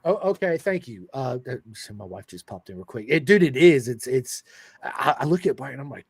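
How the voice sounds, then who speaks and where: A man hosting a casual podcast, reading viewer comments aloud and talking emotionally and excitably, with casual swearing. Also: mid-range voice, normal speed, creaky, slightly rough, dry recording. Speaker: podcast host.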